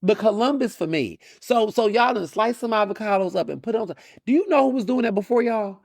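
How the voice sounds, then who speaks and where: A man's voice: high-pitched, fairly quick, gravelly, no echo, clean studio sound. A man, hosting a podcast with opinionated, sardonic solo commentary, often restarting and repeating words. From Texas. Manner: animated, sardonic, mocking asides. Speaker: podcast host.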